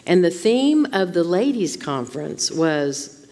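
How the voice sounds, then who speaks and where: A woman's voice: lowish voice, sing-song, takes it slowly, a little mellow, in a large hall. A woman Bible teacher speaking to a women's conference in an informal sermon style, often asking rhetorical questions. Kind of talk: conversational sermon. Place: church.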